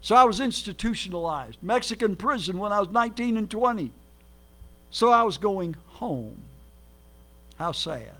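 A man preaching as a guest, telling his life story with lively acted quotes and sudden swings between loud and soft. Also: high-pitched, moderate pace. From Minnesota, United States. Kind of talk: sermon.

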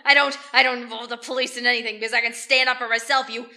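A woman acting out a furious, swearing drunk man yelling down a phone line in a podcast re-enactment. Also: fairly high pitch, level tone, very fast. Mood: raging. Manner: shouting, swearing, snarling.

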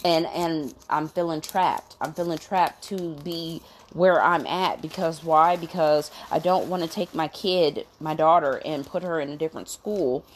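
Blunt, swearing woman venting, lowish voice. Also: measured pace, few pauses. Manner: blunt, swears a lot, keeps saying 'you know what I'm saying'; fired up and indignant. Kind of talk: profane venting rant.

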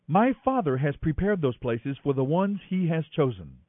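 A man's voice: fairly high pitch, sing-song, no room sound. A man reading a firm, patient teacher. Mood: earnest. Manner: measured, earnest speaking. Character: calm adult male teacher, patient and firm. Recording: dry, thin phone-like audio.

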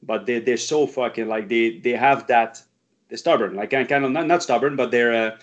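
A French-speaking man from Quebec with a Quebec French accent, a karate teacher who is a guest and talks in a halting, frank, swearing way with many restarts. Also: mid-range voice. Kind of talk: casual interview chat. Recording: muffled lo-fi audio.

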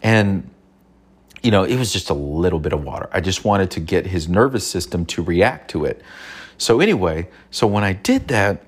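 A man's voice: sits low, expressive, normal speed, breathy edge. A father telling a personal parenting story in an earnest way, often repeating and restarting his phrases. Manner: earnest, repeats himself, soft quoted asides. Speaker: father giving parenting advice.

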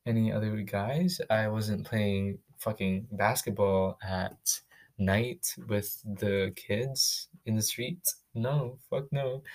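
A young man from the Philippines hosting a podcast, telling his own story in a casual, candid, profane way with quick restarts. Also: lowish voice. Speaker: podcast host.

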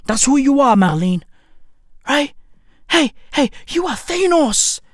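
A woman with giving a profane comedic rant, loud and swaggering, swinging between shouting and mumbling. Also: high-pitched, very animated, takes it slowly, dry recording.

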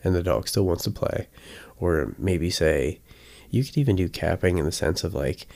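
Male dog trainer, deep and gravelly, easygoing teaching style with lively acted-out examples. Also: moderate pace. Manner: chatty, often checks in with "right?"; acts out examples with sudden bursts. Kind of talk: casual teaching talk.

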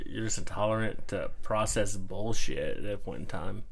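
A man's voice: lowish voice, moderate pace, vocal fry, a little hiss or hum. A man co-hosting a podcast, musing loosely and swearing in casual chat. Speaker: podcast co-host.

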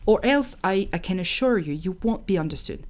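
A young woman from France with a French accent, a native French speaker, giving an emphatic, animated online lesson on pronunciation. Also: on the low side, brisk. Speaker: French teacher.

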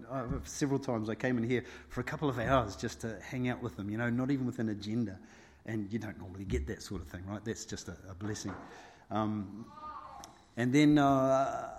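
A man's voice: mid-range voice, darkish tone. A middle-aged man, sharing a personal testimony at church before his sermon, chatty and emotional, often laughing. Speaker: lay preacher.

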